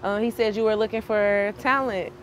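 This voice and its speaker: A woman's voice: medium pitch, steady tone, normal speed, a little hiss or hum. Young woman rapper from St. Louis. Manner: casual, brief answers, rhythmic freestyle delivery. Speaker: aspiring rapper. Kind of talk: street interview with a freestyle rap.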